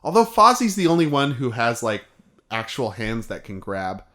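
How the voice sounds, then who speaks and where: A man's voice: medium pitch, very animated, moderate pace, pushed and bright. A man co-hosting a podcast, joking crudely in casual chat and laughing often. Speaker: podcast co-host.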